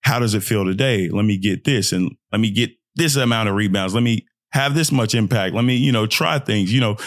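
A young man, a pro basketball player, talking casually and motivationally about mindset, breaking into high-pitched joking voices. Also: a little fast, no echo, studio quality. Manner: animated, swings into high joking voices and trash talk.

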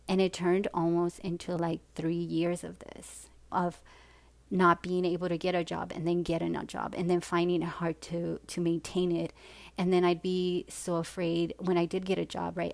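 A woman in her forties tells her own story with frank, unpolished candor, cursing freely and leaning on fillers. Her voice sits low with a gravelly edge, and her delivery stays fairly level in pitch. The sound is dry and close. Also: a little mellow, no room sound. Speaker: personal storyteller. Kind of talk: candid personal storytelling.

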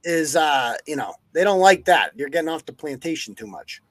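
A man's voice: a little high, big pitch swings, normal speed, fairly bright tone, dry recording. A man hosting a live news-commentary podcast, ranting with heavy profanity and sarcasm. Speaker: podcast host.

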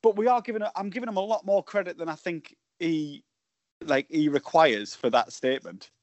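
A man's voice: a little high, normal speed, darkish tone, no echo. Chatty man laughing often. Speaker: podcast co-host. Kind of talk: casual chat.

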